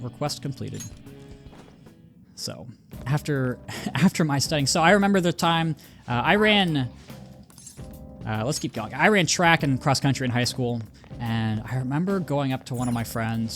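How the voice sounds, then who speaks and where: Casual male let's-play host: rambly, easily distracted, laughs a lot, mid-pitched, game music underneath. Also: fairly bright tone. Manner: chatty, rambling, self-interrupting, laughs easily.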